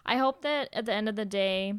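A woman co-hosting a casual podcast, her voice smooth and even. She is recorded close and dry with no room sound, and keeps the talk going with quick, agreeable affirmations. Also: medium pitch, no room sound. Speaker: podcast co-host. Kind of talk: casual chat.

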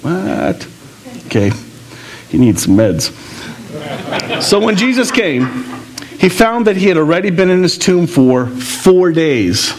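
A man's voice: high-pitched, very animated, slow, long pauses. A male pastor preaching a sermon in a conversational way, with asides and laughter.

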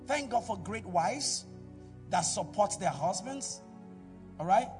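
A middle-aged man preaching a sermon in a church, calling out to the congregation and swinging between loud exhortation and quiet asides. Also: high-pitched, expressive, slow pace, far from the mic, over music. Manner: preaching with call-and-response to the congregation. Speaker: pastor.

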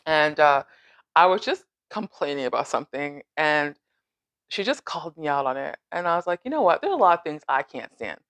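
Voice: mid-range voice, big pitch swings, fairly quick, a bit bright, no room sound, poor audio. A podcast host from Canada in casual chat, brash and teasing, swearing freely.

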